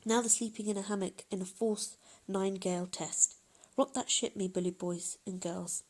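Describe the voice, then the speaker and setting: A woman's voice: medium pitch, fairly even intonation, normal speed, a little mellow, natural voice. A woman voicing a bossy, nasty female pirate captain who barks orders. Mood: commanding. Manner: barking orders.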